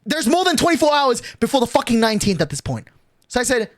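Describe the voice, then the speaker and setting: A man's voice: extremely high pitch, sing-song, fast, fairly bright tone, dry recording. A young man streamer telling a storytime on a livestream, exasperated and swearing a lot, with frequent restarts.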